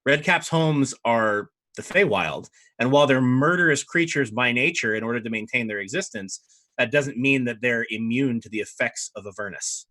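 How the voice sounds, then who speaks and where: A man running a tabletop game as dungeon master, describing scenes in a loose, rambling way. His voice is bright and forward, pitched in the middle. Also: normal speed. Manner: rambling, with frequent fillers and restarts. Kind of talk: improvised tabletop game narration.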